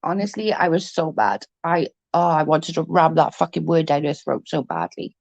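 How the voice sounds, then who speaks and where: A woman in her thirties vents into the camera with a fairly low voice, her swearing storytelling loose and fired up. The sound is dry and close, with no room behind her. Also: moderate pace, vocal fry, no echo, lo-fi sound. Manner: heated, swears freely, animated retelling. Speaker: vlogger. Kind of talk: casual storytelling vlog.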